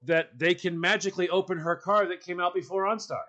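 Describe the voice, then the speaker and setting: A man's voice: high-pitched, steady tone, a little fast, sharp tone, highs cut off. A man telling a comic story in casual talk, acting out other people's voices as he goes. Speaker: storyteller on a podcast.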